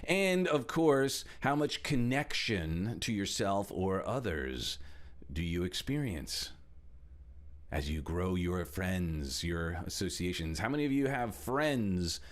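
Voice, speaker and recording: A middle-aged motivational speaker and trainer talks slowly in a low voice. He's animated, alternating between loud emphasis and hushed asides as he acts out quoted voices.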